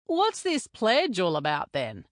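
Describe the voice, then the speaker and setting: A woman's voice: on the low side, huge pitch swings, unhurried, no room sound, clean studio sound. Woman voicing cheeky male teammate, upbeat, teasing.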